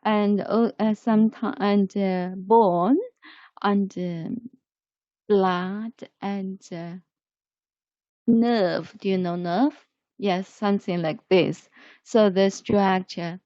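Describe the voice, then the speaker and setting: Woman teacher for an online vocabulary lesson, very slow and patient, dry, dull lo-fi sound. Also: mid-range voice, steady tone, mellow, dry recording. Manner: slow, repetitive, explains word by word.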